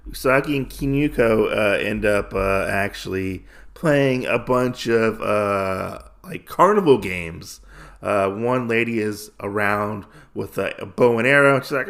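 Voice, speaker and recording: A man's voice: lowish voice, a little slow, creaky, fairly bright tone. Rambling man recapping a comic. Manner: rambling, filler-heavy storytelling. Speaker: podcast host.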